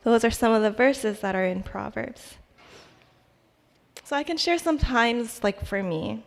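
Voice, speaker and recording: A woman's voice: a little high, animated, measured pace, creaky. Young woman sharing a testimony in a reverberant hall. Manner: conversational, hesitant, many restarts and fillers. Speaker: church speaker sharing a testimony. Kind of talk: personal testimony talk.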